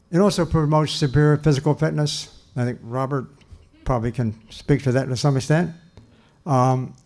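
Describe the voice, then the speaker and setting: A man's voice: medium pitch, a little mellow. An older man giving a lecture on nutrition in an earnest, emphatic way, often restarting his sentences. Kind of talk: lecture talk.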